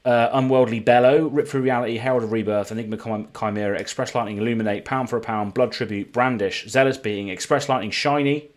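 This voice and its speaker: Speaking at a medium pitch with a steady tone, this British man talks fast and barely pauses. He's from the United Kingdom and is on a live stream, opening packs, chatting away and rattling off card names one after another.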